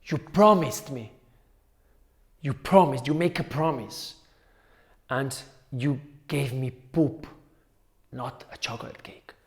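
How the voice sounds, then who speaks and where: A man voicing a vengeful, hungry aunt in a told folk tale, speaking in slow, looming threats. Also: mid-range voice. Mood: menacing.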